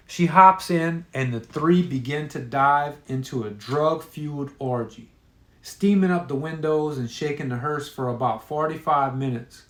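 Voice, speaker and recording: A man's voice: a little high, measured pace, reverberant. A man telling a crude story in a profane, offhand way.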